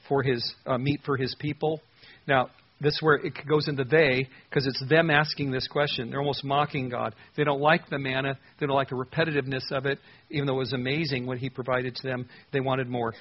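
A man's voice: mid-range voice, husky, dull audio. A man teaching through Bible verses in a conversational, earnest way, with emphatic stresses.

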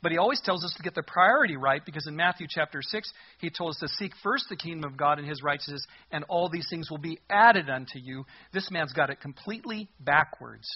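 Earnest preacher man, husky and emphatic. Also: on the high side, expressive, brisk, few pauses. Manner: earnest, emphatic, repeats words when stressing a point. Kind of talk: sermon. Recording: dull lo-fi recording.

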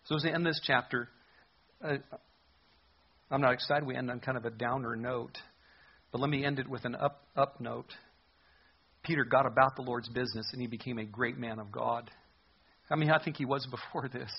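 A man's voice: mid-range voice, steady tone, moderate pace, long pauses, breathy edge, highs cut off. A man preaching a sermon as a pastor, earnest and conversational in his delivery.

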